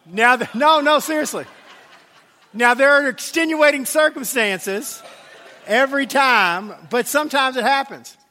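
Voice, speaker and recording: Bright-voiced pastor in an echoing church. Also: male voice, very high-pitched, measured pace. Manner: humorous, acts out voices in anecdotes. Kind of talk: sermon with storytelling. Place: church sanctuary.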